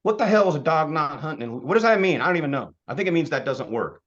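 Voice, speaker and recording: Punchy man in his fifties pitching. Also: quick pace, lo-fi sound. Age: 50s. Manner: energetic, punchy, full of rhetorical questions. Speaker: sales trainer. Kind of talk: motivational business presentation.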